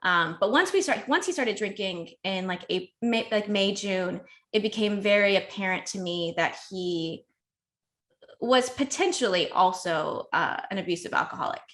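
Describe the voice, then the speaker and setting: A woman guest on a podcast, telling a painful personal story in a candid, emotional, rushed way full of fillers. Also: mid-range voice, expressive, a bit bright. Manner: emotional, rushed, heavy use of "like".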